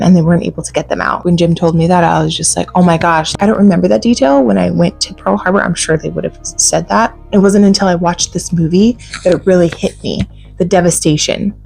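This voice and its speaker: A woman hosting a casual solo podcast, chatty and animated, laughing often and saying "like" a lot. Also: lowish voice, creaky. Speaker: podcast host. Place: home.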